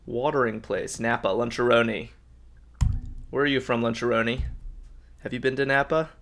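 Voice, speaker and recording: A man with a medium-pitched, creaky, slightly bright voice hosts a live crossword solve on stream. He thinks aloud cheerfully and reads out answers from his viewers as he chats with them.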